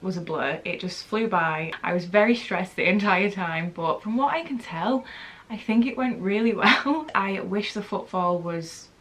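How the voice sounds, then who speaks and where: A young woman talks to camera at home in a chatty, emotional vlog, laughing often as she goes. Her voice sits at an ordinary middle pitch. A faint hiss of background noise runs under the recording. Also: unhurried, fairly bright tone. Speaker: vlogger and market organiser. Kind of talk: casual vlog talk to camera. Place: home, indoors.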